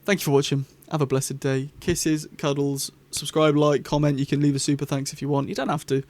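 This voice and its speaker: A young man chats his way through a vlog review. His voice sits a little high and sounds dry and close. He rambles eagerly from point to point. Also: flat delivery, a little fast, darkish tone, no echo. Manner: rambling, chatty and enthusiastic. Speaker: YouTube host.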